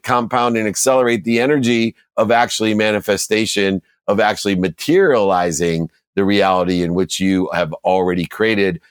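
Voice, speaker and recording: A man's voice: sits low, smooth, no room sound, clean studio sound. A middle-aged man, a business coach, telling motivational stories with an emphatic, preacher-like cadence. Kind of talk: motivational storytelling.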